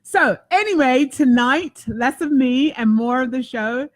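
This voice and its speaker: An American talk show host and life coach speaks in a high, slightly slow voice, effusive and emphatic, repeating herself for emphasis. It's a casual, enthusiastic talk show, and the recording is dry.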